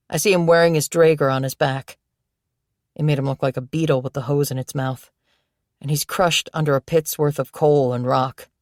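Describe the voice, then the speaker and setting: A woman's voice: low voice, no echo, clean studio sound, natural voice. A woman voicing a weary, desperate one-legged former soldier who pleads with urgent exasperation.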